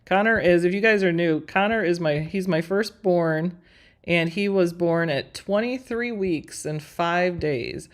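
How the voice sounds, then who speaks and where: An unhurried woman in her forties with a fairly low voice leads a live screen-share tutorial on craft design. She chats with her viewers like friends as she works.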